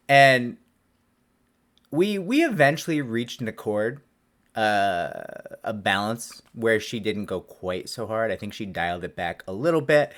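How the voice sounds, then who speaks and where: A man's voice: on the low side, big pitch swings, unhurried, fairly bright tone. A man, a lawyer, telling a story to camera in a rambling, self-deprecating way with many restarts.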